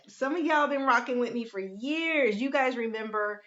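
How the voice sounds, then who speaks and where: A woman's voice: high-pitched, a little slow, hardly any pauses, a bit bright. A middle-aged woman, hosting a casual livestream and greeting viewers by name in a down-to-earth way. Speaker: host, life coach. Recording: lo-fi livestream audio.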